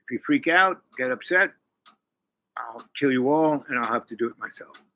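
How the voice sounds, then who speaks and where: Cold, ruthless armed woman, voiced by a man retelling a film; flat threats, very bright, edgy tone. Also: mid-range voice, moderate pace, slight background noise, lightly acted, rough recording. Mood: cold menace.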